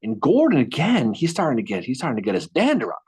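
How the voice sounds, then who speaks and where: A man co-hosting a casual history podcast, telling the story with lively restarts and repeated words. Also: mid-range voice, fast, husky. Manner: animated, repeats words while thinking, acts out quotes. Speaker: podcast co-host.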